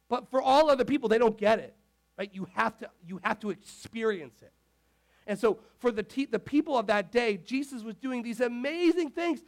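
A man preaching a casual, animated sermon, peppering his speech with "like". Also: very high-pitched, gravelly. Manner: animated, filler-heavy with frequent "like"; talks to the tech crew mid-sermon. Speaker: pastor.

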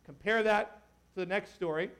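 A man preaching a casual, conversational sermon as a pastor, animated and joking, with many asides to the congregation. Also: high voice, moderate pace, gravelly, smooth.

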